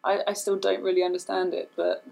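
A British woman chatting as a podcast guest, her voice carrying a noticeable gravelly fry. She talks loosely and laughs easily, often joking at her own expense. The delivery is relaxed and conversational. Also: medium pitch, fairly quick, poor audio. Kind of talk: casual chat.

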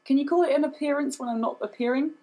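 A woman's voice: sits high, fast talker, mellow, poor audio. A woman with a British accent, a guest chatting casually on a podcast, laughing often and poking fun at herself. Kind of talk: casual chat.

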